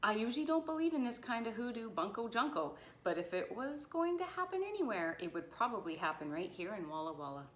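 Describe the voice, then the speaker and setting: A woman reading aloud plays a brisk school nurse who takes charge with firm, emphatic speech. The voice sits in a roomy, echoing space. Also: a little high, sing-song, pitched above the performer's own voice. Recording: roomy echo.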